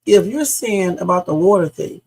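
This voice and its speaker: A woman's voice: lowish voice, lively intonation, moderate pace, a little mellow, husky. A woman hosting a live reaction stream, talking back to her chat in a heated, questioning way and swearing freely. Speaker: livestream host.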